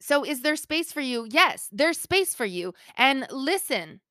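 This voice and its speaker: A woman's voice: sits high, big pitch swings, measured pace, bright, forceful tone, no echo, studio quality. A woman hosting a motivational solo talk, chatty and playful, laughing often and speaking straight to her listeners.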